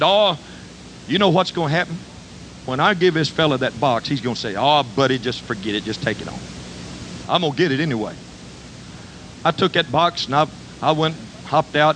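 Folksy older preacher telling a story. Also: male voice, on the high side, a little hiss or hum, poor audio. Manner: folksy, animated storytelling with dialect. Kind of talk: storytelling sermon.

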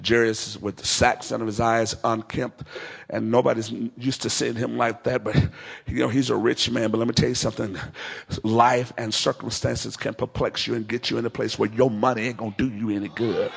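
A man's voice: mid-range voice, little pitch movement, fairly quick, vocal fry, husky. A man preaching a revival sermon at a large crusade, acting out the dialogue of the story he tells.

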